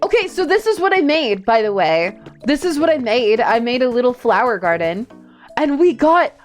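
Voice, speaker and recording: A woman streaming a game live, chatting casually, excitable and a little shy in her asides. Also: a little high, moderate pace, soft background music.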